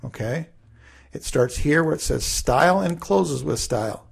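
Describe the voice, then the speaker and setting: A man teaching a class through a relaxed, conversational screen-recorded coding tutorial, thinking aloud as he works. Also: a little high, measured pace, creaky, husky.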